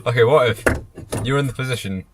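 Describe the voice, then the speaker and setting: A young man co-hosting a late-night casual podcast chat in a van, with dry, deadpan jokes. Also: medium pitch, fast, heavy background noise. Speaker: podcast co-host. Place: inside a van.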